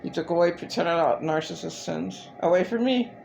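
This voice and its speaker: A woman vlogger talking through a personal monologue, halting and restarting often, swearing freely. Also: on the low side, gravelly, a little mellow, highs cut off, slight background noise.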